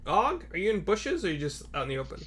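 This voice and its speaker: A man's voice: sits high, quick pace. A man running a tabletop game as game master, narrating casually with fillers. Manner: relaxed, with fillers, breaks into laughs.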